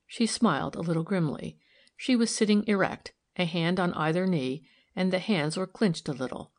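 Low-voiced woman reading a novel aloud. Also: moderate pace. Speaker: audiobook reader. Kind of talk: scripted narration.

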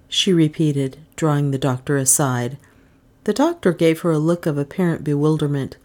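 A woman reading a novel aloud as a narrator, in a measured way, giving the characters modest voices of their own. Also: low-pitched, darkish tone. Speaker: audiobook narrator.

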